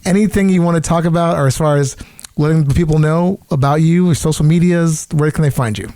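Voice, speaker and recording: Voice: medium pitch, a little fast, warm tone, no echo. A podcast co-host chatting casually, reacting with enthusiastic, profane remarks and thanking a guest. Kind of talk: casual chat.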